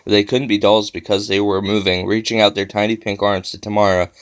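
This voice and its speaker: A man narrating a children's horror story with steady storytelling. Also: fairly low pitch, fairly quick, clean tone. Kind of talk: reading a horror story aloud.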